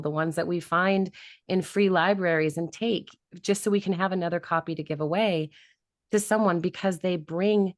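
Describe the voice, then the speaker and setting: Woman host on a podcast, kinda low voice, dead dry sound, thoughtful and talky. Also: no room sound. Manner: reflective, thoughtful, long flowing sentences. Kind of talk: casual interview chat.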